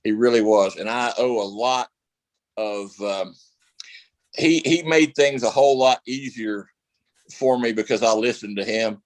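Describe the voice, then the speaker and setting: A man's voice: mid-range voice, measured pace, no room sound, low-quality recording. A male actor guest telling stories in a casual interview, rambling with lots of fillers and restarts.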